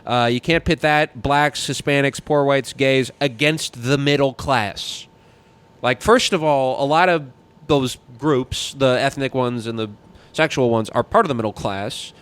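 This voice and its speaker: A male podcast co-host in casual political chat. He gets worked up and rambles, often restarting his sentences. His voice is smooth and resonant, at a middle pitch. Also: measured pace, a bit bright. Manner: heated, rambling, many restarts.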